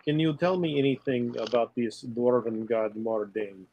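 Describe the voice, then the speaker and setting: A man asks questions at a tabletop game in a halting way, full of fillers. Faint noise sits behind his voice. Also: mid-range voice, dark tone, muffled recording. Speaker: player. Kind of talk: casual tabletop game chat.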